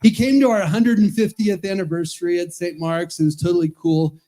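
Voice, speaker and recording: A man's voice: high-pitched, fairly even intonation, fairly quick, dark tone. A man in his fifties, an Episcopal priest, telling rambling, chuckling stories in a roast speech at a charity event. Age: 50s.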